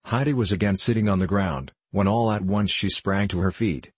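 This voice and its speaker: A man reading a children's story aloud in a steady, measured narration. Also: lowish voice, husky, no echo. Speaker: audiobook reader. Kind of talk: scripted narration of a children's classic.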